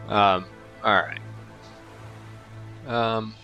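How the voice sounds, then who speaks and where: A man's voice: fairly low pitch, bright, forceful tone, dull audio. A man thinking aloud in casual let's-play commentary, rambling and teasing his own units. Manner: rambling, thinking aloud, playful name-calling. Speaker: gameplay commentator.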